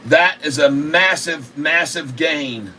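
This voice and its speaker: Excitable man hosting a slow trading stream. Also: a little high, slight background noise. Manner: excitable, repetitive, crude jokes, loud outbursts. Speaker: day-trading livestream host. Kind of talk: casual live stock-trading stream.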